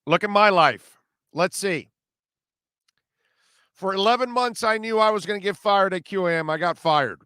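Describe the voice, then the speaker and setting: A man's voice: sits high, moderate pace, pauses often, pushed and bright, clear, resonant tone, no room sound, clean studio sound. A middle-aged man hosting a sports radio show, delivering a blunt, preachy monologue in short, punchy, emphatic bursts. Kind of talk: opinionated sports talk monologue.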